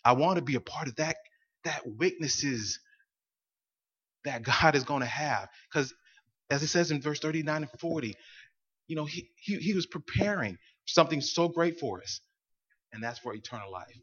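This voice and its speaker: A man's voice: a little high, expressive, normal speed, long pauses, fairly bright tone, husky, muffled recording. A man who directs a church youth club, giving an earnest sermonette with many restarts and fillers.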